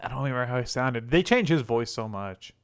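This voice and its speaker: A man's voice: medium pitch, expressive, a little fast, smooth. A young man co-hosting a casual gaming podcast, joking and laughing as he rambles. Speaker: podcast co-host.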